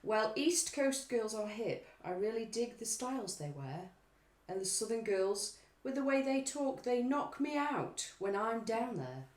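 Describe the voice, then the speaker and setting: A giggly woman co-hosts a home quiz and reads song lyrics in a slow, theatrical way. Her pitch rises and falls a lot. The room is echoey. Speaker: quiz co-host. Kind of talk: casual live quiz, reading lyrics aloud.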